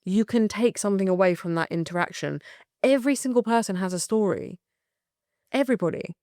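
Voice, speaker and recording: A young woman with a British accent hosting a candid solo podcast, swearing freely and talking in an animated way with bursts of laughter. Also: mid-range voice, dry recording, clean studio sound. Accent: British English. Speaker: podcast host.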